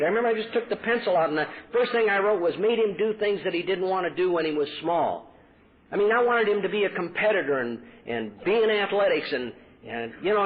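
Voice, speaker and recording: A middle-aged man from Texas telling his recovery story as a convention speaker, earnestly acting out the dialogue he quotes. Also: high-pitched. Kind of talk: personal recovery talk at a podium. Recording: tinny lo-fi 1980s convention tape.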